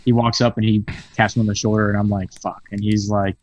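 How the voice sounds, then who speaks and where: A man's voice: fairly low pitch, flat delivery, fast, a little mellow, highs cut off. A man in his twenties, a podcast guest, telling a story animatedly with frequent swearing over a video call. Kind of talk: casual storytelling chat.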